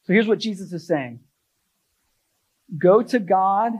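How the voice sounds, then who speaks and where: A young adult male pastor from the United States preaching a sermon, stressing key words with rising emphasis and then dropping low and soft. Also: expressive, slow pace, low-quality recording.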